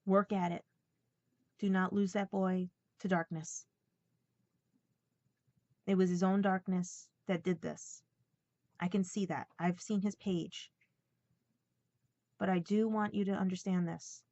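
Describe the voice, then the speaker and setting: A woman speaking in a heartfelt personal vlog, earnest and halting at times as she passes on a message. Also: mid-range voice, flat delivery, a little mellow, no room sound, muffled recording. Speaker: vlogger.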